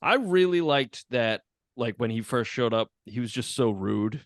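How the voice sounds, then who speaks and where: Male podcast co-host, average pitch, crude casual banter, dry close sound. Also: animated, unhurried, dry recording. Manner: crude, laughing, swears freely. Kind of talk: casual chat.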